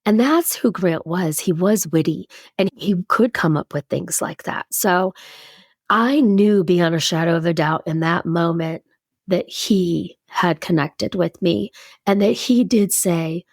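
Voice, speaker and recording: A woman in her fifties, a podcast guest, sharing a personal story in a lively, animated way. Her voice sits fairly low for a woman, and she acts out what other people said. The sound is dry and close, with no room echo. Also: measured pace. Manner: animated storyteller who acts out quoted speech.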